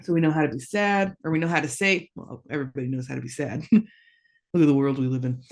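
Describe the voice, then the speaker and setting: A woman teaching a language lesson, slow and patient, repeating words for learners to echo. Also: sits low.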